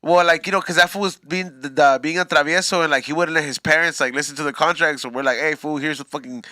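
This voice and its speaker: A man's voice: fairly high pitch, steady tone, quick pace, pushed and bright, no echo. A man, casually telling a story on a podcast, slangy and full of profanity. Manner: laid-back slangy storytelling with profanity, laughs often. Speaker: podcast host.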